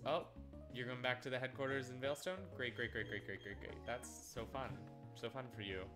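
A man's voice: medium pitch, fairly even intonation, brisk, over music. A man casually commenting on a video game as he plays, sarcastic, often repeating words in exasperation. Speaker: let's play host.

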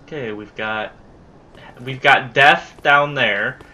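A man's voice: mid-range voice, slow pace, pushed and bright. Exasperated man swearing through gameplay. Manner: exasperated, swearing, talking at enemies. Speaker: let's play gamer. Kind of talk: live gameplay commentary.

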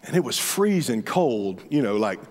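A pastor tells humorous stories in a church sanctuary, his voice very animated at a normal speed, sometimes dropping soft and low for emphasis. The sermon is recorded in a reverberant church hall.

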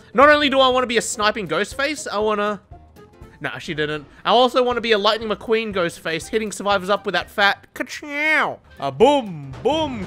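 Hyped gamer narrating a match, swears constantly, pitch jumps all over, bright sharp tone, music under it. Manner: excitable, swears a lot, laughs often. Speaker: gaming video creator. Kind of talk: gameplay commentary.

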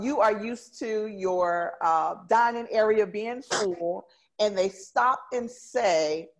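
A woman moderating a business panel over a video call, calling on each guest with deliberate questions. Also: mid-range voice, slight background noise, low-quality recording.

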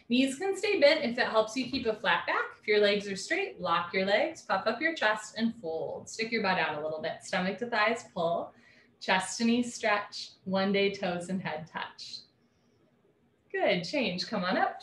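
Woman teaching yoga at home, brisk cues and chatty asides, room echo. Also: mid-range voice, a little hiss or hum. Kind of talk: live yoga class instruction.

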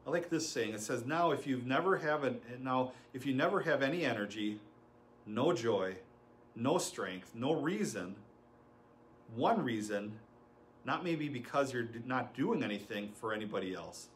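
A man's voice: medium pitch, animated, moderate pace, a little hiss or hum. A middle-aged man preaching a sermon as pastor, telling stories with laughs and acting out quotes.

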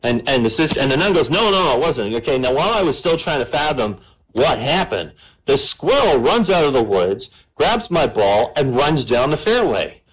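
A man's voice: medium pitch, moderate pace, breathy edge, rough recording. Guy telling a joke, voice goes up and down a lot, keeps saying right?. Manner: animated storyteller, keeps adding "right?". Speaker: comedian. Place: online voice chat comedy show.

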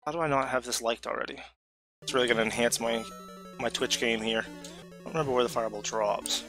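A man giving live commentary while playing a video game, excitable, talking to himself and letting out sudden yelps. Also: medium pitch, a little fast, soft background music.

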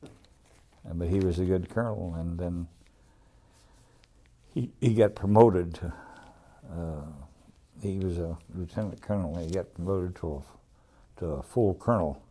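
A man's voice: low-pitched, measured pace, long pauses, mellow. An older man, a WWII veteran, recalling his wartime experiences in a rambling, folksy way for an oral history. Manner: rambling, folksy storytelling with restarts.

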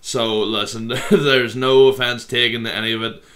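A man's voice: medium pitch, steady tone, normal speed, a bit bright. Chatty Irish man reacting, swearing and laughing. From Ireland. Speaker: reaction video host. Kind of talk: casual reaction commentary.

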